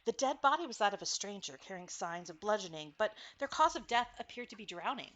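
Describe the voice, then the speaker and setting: A woman's voice: medium pitch, lively intonation, quick pace, a bit bright. A woman narrating a tabletop game as game master, recapping with frequent fillers and self-corrections.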